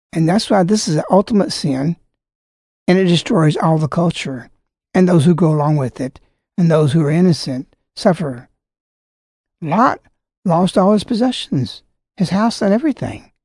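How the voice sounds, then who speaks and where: A man's voice: a little high, mellow, no echo, studio quality. A man giving impassioned religious commentary, preaching emphatically and hitting words hard.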